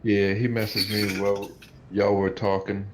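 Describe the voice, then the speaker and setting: A man's voice: fairly low pitch, flat delivery, moderate pace. A man chatting casually with his raid group, rambling and hesitant with lots of fillers. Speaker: raid group member and streamer. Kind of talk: casual voice chat during a game raid. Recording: noisy.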